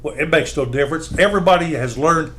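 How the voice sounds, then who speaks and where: A man reminisces about old radio days in a rambling, easygoing way. His voice sits a little high for a man. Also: fast, a bit bright. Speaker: morning show host. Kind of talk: casual chat.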